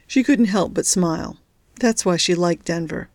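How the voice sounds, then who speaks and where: A woman narrates a novel for an audiobook, reading a script in a steady, measured storytelling voice. Her pitch sits on the low side. The studio sound is clean, with no room sound.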